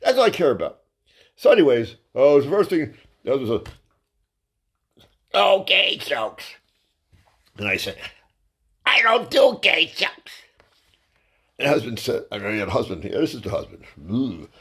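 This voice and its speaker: A man's voice: medium pitch, big pitch swings, fast talker, husky. A man, a stand-up comedian, telling a crude, rambling story in a ranting style and tripping over his words. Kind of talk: profane comic storytelling monologue.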